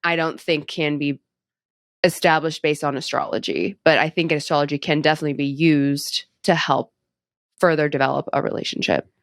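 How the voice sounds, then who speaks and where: A woman's voice: low-pitched, fairly quick, no room sound, studio quality. A young adult woman talking in a casual interview as a guest. She is chatty and upbeat, with lots of "like" and "um". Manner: chatty, upbeat, heavy use of "like" and "um". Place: cosmetic surgery clinic.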